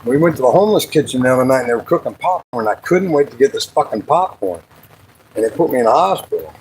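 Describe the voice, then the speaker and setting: A man hosting a casual livestream while fishing, rambling and joking, now and then jumping into high sing-song bits. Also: expressive, fast talker, darkish tone, a little hiss or hum, low-quality recording. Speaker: livestream host. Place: outdoors by the water, fishing.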